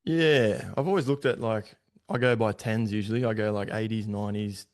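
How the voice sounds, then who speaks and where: A low-voiced Australian man hosts a relaxed podcast chat. He talks loosely, with plenty of fillers and casual swearing. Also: normal speed. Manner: laid-back, filler-heavy, swears freely. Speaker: podcast host.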